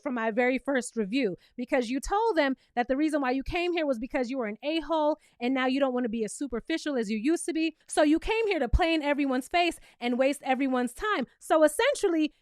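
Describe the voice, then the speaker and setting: A woman's voice: high voice, no room sound, clean studio sound. A woman giving sassy, emphatic commentary as she reviews a reality TV show. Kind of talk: casual commentary vlog.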